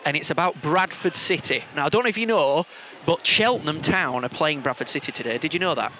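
A man's voice: a little high, expressive, a little fast, pushed and bright, slight background noise. A man with a Yorkshire accent co-hosting a football radio show, bantering and making jokey phone calls live from a stadium. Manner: jokey, chatty, laughs often.

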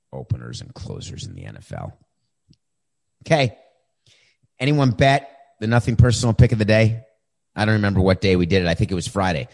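A man hosting a sports betting talk show, animated and sarcastic, with quick asides. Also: low voice, creaky.

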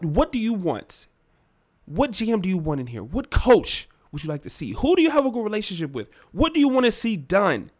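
A man acting out a sports team owner who speaks in a slightly high, earnest voice as he courts his star player. He piles up promises, then swings between soft coaxing and louder bargaining. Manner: earnest, persuasive, makes big promises.

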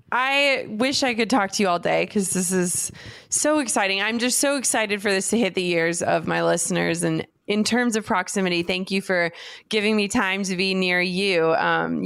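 A woman's voice: mid-range voice, gravelly, fairly bright tone, clear, resonant tone, no room sound. A woman hosting a podcast, talking to her guest in a gushing, enthusiastic way. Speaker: podcast host. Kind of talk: casual interview chat.

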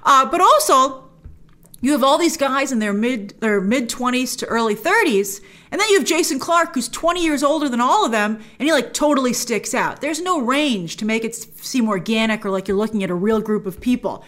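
A woman giving a casual film review to camera, chatty and animated, acting out her own reactions. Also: fairly high pitch, brisk.

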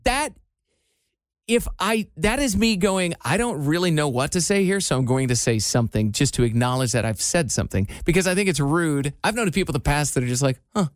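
A man co-hosting a podcast in casual chat, low-key and dry in how he reacts. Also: lively intonation, brisk, no echo. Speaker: podcast co-host.

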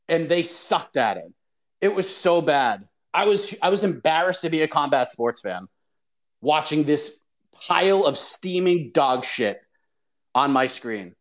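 A male show host giving a profane, exasperated rant about a sports event. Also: sits high. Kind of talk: ranting commentary.

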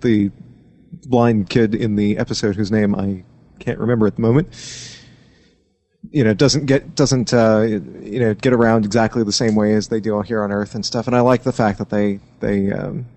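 A man co-hosting a casual podcast, reflecting with many pauses and a dry, teasing edge. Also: on the low side, steady tone, a little mellow, no echo. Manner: hesitant, filler-heavy, dry teasing. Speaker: podcast co-host. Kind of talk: casual chat.

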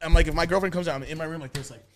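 A young man spins a rambling story in a podcast chat, voice sitting a bit high. He swears freely, acts out what everyone said, and keeps breaking into laughter. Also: racing, slight background noise. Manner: animated, profane, acts out quotes, laughs a lot. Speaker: podcast co-host.

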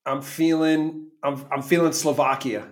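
A man's voice: a little high, fairly even intonation, a little slow. A man co-hosting a casual soccer podcast, joking and poking fun at himself during a quiz. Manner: joking, self-mocking banter. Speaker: podcast co-host.

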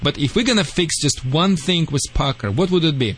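A man's voice: fairly high pitch, animated, a little fast, a bit bright, husky. A man with a Russian accent, a dog trainer co-hosting a radio talk show, playful and lecturing in broken English. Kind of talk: casual radio chat.

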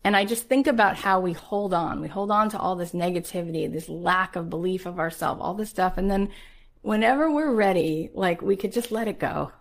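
This podcast host, a woman in her forties, has a fairly low voice and speaks fairly quickly. She shares a personal story in a motivational, emphatic manner and keeps asking rhetorical questions.

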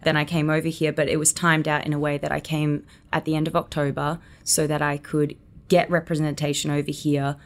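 Low, gravelly Australian woman. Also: a little fast. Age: 20s. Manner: chatty, animated storytelling with acted-out quotes. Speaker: actress guest. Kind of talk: casual interview chat.

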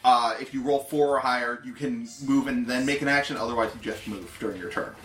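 A man's voice: mid-range voice, brisk, a bit bright. A man running a tabletop game, explaining rules and reading them out with fillers. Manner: reads rules aloud, hesitant fillers. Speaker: game master. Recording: echoey room, faint music.

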